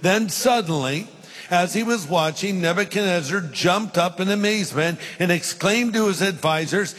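A middle-aged male pastor preaches a sermon, reading scripture aloud and performing the voices within it. His voice is high, a bit bright, and moves at a normal speed, with long reverb from the hall.

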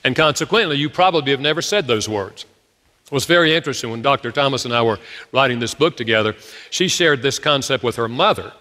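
Male author-speaker, storytelling talk, bright forceful tone, slightly high, long hall echo. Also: lively intonation, quick pace. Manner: retells stories, acting out the quoted speakers. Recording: echoey hall.

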